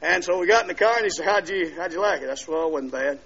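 An older man preaching at a church service, telling his conversion story as a testimony and breaking into loud shouted preaching. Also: a little high, animated, racing, muffled recording, a little hiss or hum. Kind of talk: revival sermon testimony.

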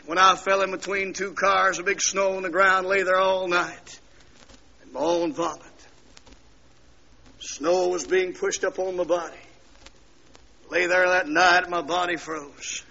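A man preaching his testimony, telling a story that swings from hushed to shouting. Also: high-pitched, little pitch movement, measured pace, creaky, pauses often. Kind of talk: sermon testimony. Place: church. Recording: dull lo-fi sermon recording.

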